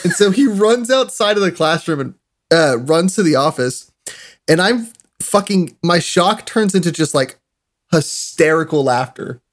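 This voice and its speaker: Young man, storyteller, animated, laughing, slightly high pitch. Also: measured pace. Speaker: podcast co-host. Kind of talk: casual storytelling chat.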